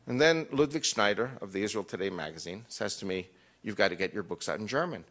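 A man's voice: fairly low pitch, animated, fast, fairly bright tone. A man speaking to a live audience, telling personal stories with jokey asides and acting out quoted dialogue. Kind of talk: lecture storytelling.

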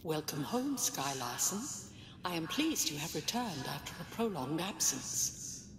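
An actress playing a polite female smart-house AI in a video game, speaking in a formal, calm, courteous way. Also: deep voice, unhurried, a crowd in the background.

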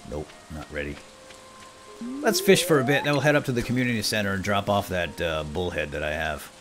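Animated man doing gameplay commentary. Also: low voice, fairly quick, music in the background. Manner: animated, excitable, talks to game characters. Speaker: let's play gamer.

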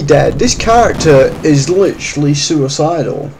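A man commentating while playing a video game, swearing and yelling at it. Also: a little high, normal speed, hardly any pauses, slight background noise, low-quality recording. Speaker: gamer. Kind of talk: let's play commentary.

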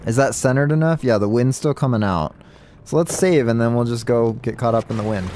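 A man streaming a puzzle game live, talking through it in an excitable, joking way and thinking aloud. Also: medium pitch, brisk, slight background noise. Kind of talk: live gameplay commentary.

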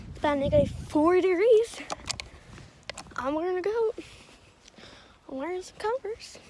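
A woman's voice: extremely high pitch, a little mellow, slight background noise, rough recording. A young female vlogger chatting casually and sarcastically while walking down a snowy street outdoors. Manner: sarcastic, self-mocking. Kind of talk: casual vlog chat.

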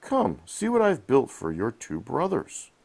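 A man voicing a kindly, brisk captain in a bedtime storybook, speaking in a reassuring tone. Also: medium pitch, wildly swooping pitch, creaky, darkish tone, pitched above the performer's own voice, heavily acted.

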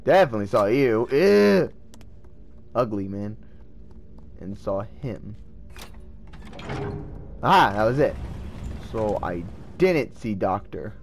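A man giving casual gameplay commentary, excitable and swearing as he talks to himself. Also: fairly low pitch, slow, gravelly, long pauses, faint music behind. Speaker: let's play gamer.

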